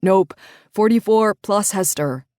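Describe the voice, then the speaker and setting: A woman voicing a steady, dry-humored young man who speaks in short, understated lines. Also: sits high, slow, clean tone, dry recording, voice pushed up. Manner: terse, understated.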